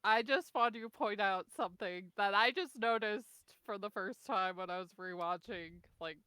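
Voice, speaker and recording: Giggly woman podcaster, bright voice, swears casually, dry sound. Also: mid-range voice, normal speed, clean tone, no room sound. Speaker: podcast co-host. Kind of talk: casual chat.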